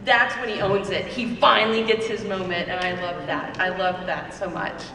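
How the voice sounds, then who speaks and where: A woman on a fan convention panel, gushing about the show with animated excitement. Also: medium pitch. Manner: gushing and animated, with quick laughs. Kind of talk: casual panel chat. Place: large convention hall. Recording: echoey hall, distant mic.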